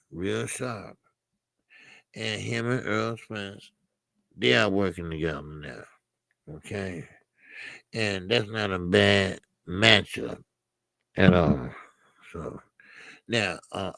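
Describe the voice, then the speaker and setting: A man with a gravelly, fry-tinged voice talks slowly and loosely, hosting a live boxing chat stream. He reacts to his viewers, trailing off into fillers and restarts, and the sound is dry and close. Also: low voice, a bit bright, dry recording. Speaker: boxing channel host. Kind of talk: casual live-stream commentary.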